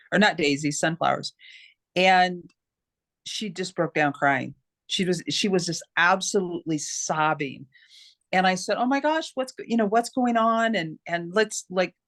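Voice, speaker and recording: A middle-aged woman, an interview guest, telling a personal story in an animated way with many restarts. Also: on the low side. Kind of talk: casual storytelling.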